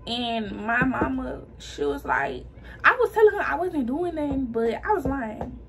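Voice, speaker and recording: A woman's voice: high-pitched, big pitch swings, measured pace, gravelly, a little hiss or hum. A young woman vlogger telling her own story in casual, slangy chat to her viewers, animating the people she quotes. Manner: chatty and slangy, addressing viewers as y'all.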